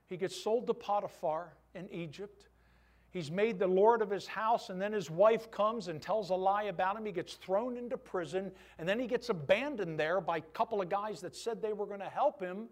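A middle-aged man preaching a sermon as pastor, with impassioned delivery that swings from loud exhortation to hushed, quiet moments. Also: fairly high pitch. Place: church service.

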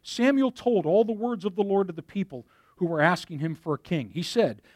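A man's voice: high voice, a little fast, darkish tone, no echo, clean studio sound. A man preaching a sermon, talking to his congregation and reading scripture aloud to them. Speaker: pastor.

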